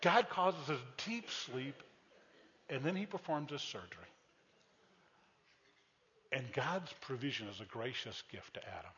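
A man preaching a sermon, telling a story with animated, shouted exclamations and dropping to a soft tone for heartfelt appeals. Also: mid-range voice, a little slow, long pauses, long reverb tail, lo-fi sound, slight background noise. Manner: drops to a soft, intimate tone for appeals. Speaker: pastor.

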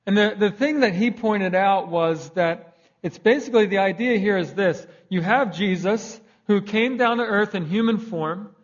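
High-voiced young male pastor preaching. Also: moderate pace. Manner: conversational preaching, swings loud for emphasis. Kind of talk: sermon. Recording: dull lo-fi recording.

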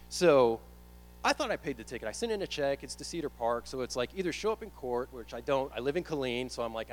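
Young male preacher, animated storyteller with a wide-ranging voice, faint hum in the recording. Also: mid-range voice, rough recording. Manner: animated storytelling, acts out his own panic. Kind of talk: sermon with personal story.

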